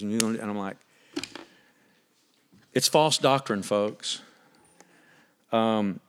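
A man preaching a sermon, animated and emphatic, swinging between loud punchy lines and quiet earnest ones. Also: lowish voice, clear, resonant tone.

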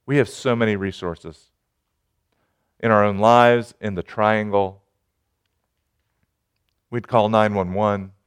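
A man preaching a sermon in an earnest manner, rising to urgent pleading and dropping to quiet reflection. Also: on the low side, fairly even intonation, slow, pauses often, clean tone. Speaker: pastor.

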